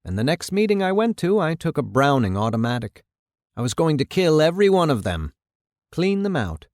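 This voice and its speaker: A man's voice: on the high side, sing-song, fairly quick, darkish tone, no room sound, clean studio sound, pitched above the performer's own voice. A man reading the part of a bitter, vengeful older man who recounts his killings in a grim, matter-of-fact way. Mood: grim, boastful. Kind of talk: dramatic reading of a radio play.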